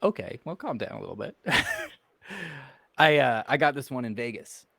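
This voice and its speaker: A calm undead man speaks in a put-on accent, as a man acts him out. He is measured and persuasive, with a quiet menace under the words. The sound is close and dry, at a middle pitch. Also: dry recording, close to an everyday voice. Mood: earnest. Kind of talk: in-character role-play.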